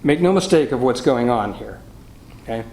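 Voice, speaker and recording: A man's voice: medium pitch, lively intonation, moderate pace, mellow. A man teaching a Bible study in a jovial, anecdotal way, reading and explaining verses. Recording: roomy room echo, faint noise.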